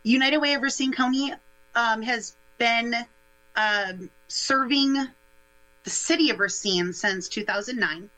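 A woman guest on a local radio show giving steady, informative answers. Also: fairly high pitch, unhurried, poor audio. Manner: steady, informative, a few fillers. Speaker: guest, nonprofit initiatives director.

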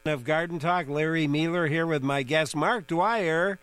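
A man's voice: on the high side, measured pace, smooth, no room sound. A man hosting a call-in garden radio show, chatting with a guest and reading out listener questions. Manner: relaxed, reads listener questions.

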